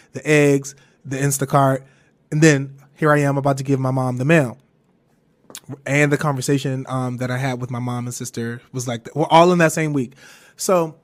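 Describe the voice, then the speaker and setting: A man hosting a podcast, telling a personal story in a candid, rambling, animated way with some swearing. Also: medium pitch. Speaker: podcast host.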